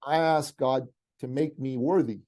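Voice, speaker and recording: A middle-aged man from Iran, a guest on a podcast interview, tells a story in an animated, heartfelt way, tossing in casual asides to the host. His voice is warm and mellow, sitting at an ordinary pitch for a man. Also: a little slow. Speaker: podcast guest, business coach.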